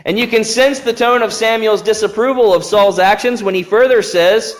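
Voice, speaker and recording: A man's voice: high voice, normal speed, few pauses. A man preaching an earnest, emphatic sermon in a church.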